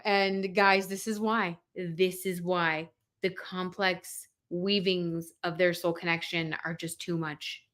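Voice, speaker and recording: A woman's voice: medium pitch, fairly bright tone. A young woman hosting a livestream tarot reading, chatting casually and reading viewer comments aloud with many "like" fillers. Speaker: tarot reader and livestream host.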